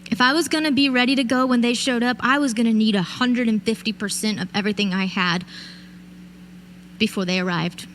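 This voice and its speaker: High-voiced woman telling her story. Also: steady tone, fairly quick, fairly bright tone, a little hiss or hum. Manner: vivid storytelling, addresses audience directly. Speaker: keynote speaker. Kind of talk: motivational speech. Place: event stage.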